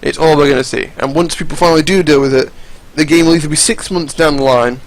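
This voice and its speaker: A man's voice: on the high side, fairly even intonation, fast, a little hiss or hum, poor audio. A young man giving casual, rambling, profane commentary over fighting game footage, often restarting his sentences.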